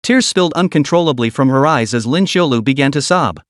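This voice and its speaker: A man's voice: mid-range voice, expressive, brisk, no echo, clean studio sound. Dramatic male storytelling narrator. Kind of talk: storybook recap reading.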